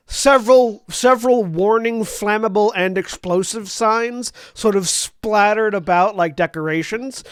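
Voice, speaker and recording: Game master, dry close sound, mid pitch, wry scene narration. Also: no room sound.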